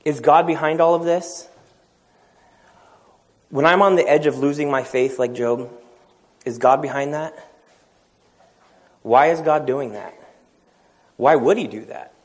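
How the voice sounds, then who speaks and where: A man's voice: a little high, measured pace, long pauses. A man preaching a sermon, telling a personal story, acting out the dialogue and laughing at himself.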